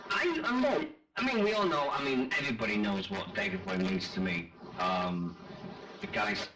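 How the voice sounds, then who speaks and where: A man's voice: on the low side, vocal fry, bright, forceful tone. A man in his forties with a Northern English accent, hosting a chat radio show with boisterous, teasing banter and casual swearing. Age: 40s.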